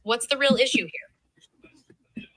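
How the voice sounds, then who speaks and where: A woman's voice: fairly high pitch, slow pace, a bit bright, dry recording, rough recording. A woman's AI assistant voice giving chatty, encouraging replies that can turn snarky and teasing. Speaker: AI chat assistant. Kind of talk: conversational AI replies.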